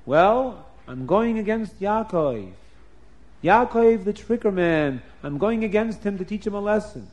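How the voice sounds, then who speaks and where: A man voicing a stubborn, angry warlord who talks in a gruff, dismissive way. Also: sits high, animated, unhurried, a little mellow, pitched above the performer's own voice. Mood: defiant.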